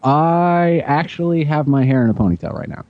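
A man's voice: on the high side, moderate pace, dry recording. Man, laid-back joking, muffled dull sound, dry. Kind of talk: casual chat.

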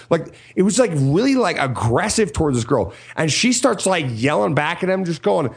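A man's voice: on the high side, very animated, moderate pace, gravelly, hardly any pauses, slightly rough. A young man telling a rambling, loose story in casual chat, with a lot of "like" and some swearing.

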